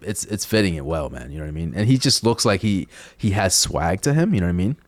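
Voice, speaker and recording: A young man co-hosts a casual, joking chat and now and then reads out news items. His voice sits low but swings up and down a lot. The recording is dry and close. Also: animated, quick pace, dry recording. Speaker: podcast co-host.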